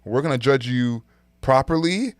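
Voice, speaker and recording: A man's voice: medium pitch, animated, moderate pace, clear, resonant tone, dry recording. A man from Toronto co-hosting a music podcast, talking thoughtfully with frequent restarts and ums. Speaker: podcast co-host. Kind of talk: casual music chat.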